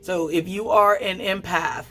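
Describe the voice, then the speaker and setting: A woman giving a casual tarot card reading, chatty and quick to swear, often stammering and restarting her sentences. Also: fairly low pitch, fairly even intonation, sharp tone. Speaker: tarot reader.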